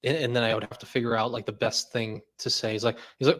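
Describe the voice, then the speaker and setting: A man's voice: mid-range voice, quick pace, few pauses, a bit bright. A young man hosting a casual livestream, who rambles, laughs often and leans on "like" fillers. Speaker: host.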